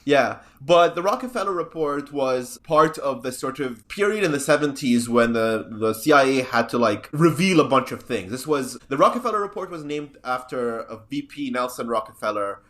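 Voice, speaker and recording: A man's voice: medium pitch, animated, moderate pace, hardly any pauses, fairly bright tone. A man hosting a podcast in casual chat, sardonic and rambling. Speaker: podcast host.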